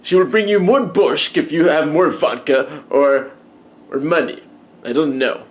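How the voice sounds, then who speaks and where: Young man doing a hokey Russian peasant with a thick put-on accent, slow and halting. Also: a little high, close to an everyday voice. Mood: hammy. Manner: slow, halting stereotyped delivery. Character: comic Russian goat-herding man, boastful host.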